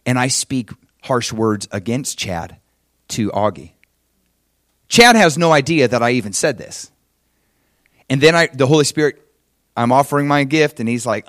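A middle-aged male pastor preaching a sermon, swinging from loud and emphatic to soft and hushed. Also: medium pitch, sing-song, normal speed, long pauses, dry recording, clean studio sound.

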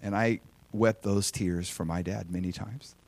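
A middle-aged man preaching a sermon as a pastor, swinging from impassioned exhortation to quiet personal storytelling. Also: lowish voice, steady tone, measured pace.

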